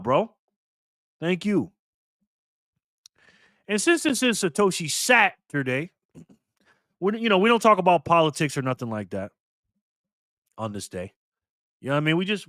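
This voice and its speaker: A man's voice: a little high, sharp tone, dry recording, studio quality. A man hosting a casual livestream, talking in a slangy, playful way and thanking viewers by name. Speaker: livestream host reading donations.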